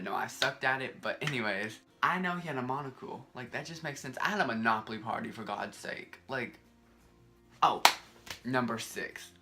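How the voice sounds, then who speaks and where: Young male vlogger, bright tone, animated and exasperated, rambling, faint music under the voice. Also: mid-range voice. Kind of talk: casual vlog countdown.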